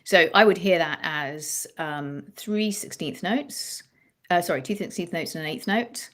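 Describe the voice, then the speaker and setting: A woman songwriting coach explaining ideas in an animated interview chat, restarting her phrases as she thinks aloud. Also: fairly low pitch, a little slow.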